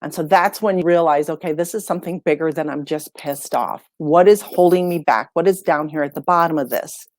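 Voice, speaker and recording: Woman, fairly low voice, dry close sound, podcast guest, coaching talk, storytelling. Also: brisk, hardly any pauses, dry recording. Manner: lively storyteller who acts out dialogue.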